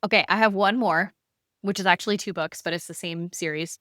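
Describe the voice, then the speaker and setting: A woman's voice: lowish voice, brisk, bright, forceful tone, no room sound, studio quality. A woman co-hosting a podcast, chatting casually and animatedly about books, peppering her talk with "like" and the odd swear. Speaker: podcast co-host.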